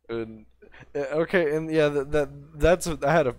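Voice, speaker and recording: A man streaming a game while high, talking in a loose, rambling way that trails off and restarts mid-thought. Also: animated, brisk, a little mellow, no echo. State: high after smoking. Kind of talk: casual rambling stream chat.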